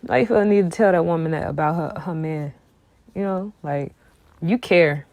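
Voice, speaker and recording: A woman with a fairly low voice talks casually about a song, sassy and emphatic. She repeats her points for weight. Her voice is recorded close and dry. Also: normal speed, gravelly, darkish tone, dry recording. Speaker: music commentary vlogger. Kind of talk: casual reaction commentary.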